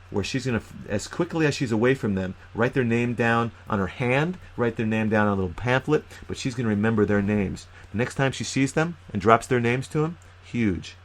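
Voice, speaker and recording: A man giving an animated, emphatic youth ministry training talk, with sudden loud bursts. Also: mid-range voice. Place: lives in New York.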